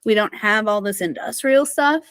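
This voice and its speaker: A podcast guest from Missouri speaks in a medium-pitched, fairly bright and clean voice at normal speed, with no room sound. In this casual conversational interview she chats easily, using lots of "like" and "you know."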